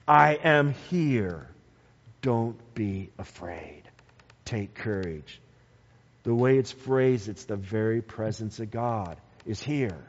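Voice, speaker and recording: Man preaching, high voice, unhurried delivery, dramatic swings from loud to hushed, dull lo-fi recording with long hall reverb. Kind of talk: sermon.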